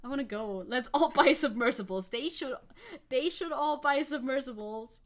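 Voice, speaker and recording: A woman's voice: high voice, animated, normal speed. A young woman from Germany streaming as a VTuber, chatting casually and sarcastically, reading chat comments, swearing freely and laughing often.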